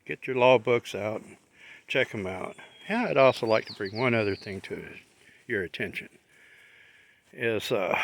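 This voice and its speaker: A man's voice: on the low side, vocal fry. A middle-aged man rambling in a casual vlog while out walking his dog, opinionated and plain-spoken. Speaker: vlogger.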